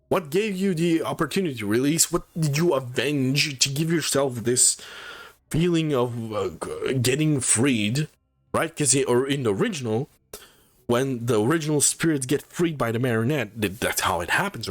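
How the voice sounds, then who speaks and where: A man giving a casual spoiler review of a movie, swearing often and sounding incredulous as he rambles. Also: medium pitch.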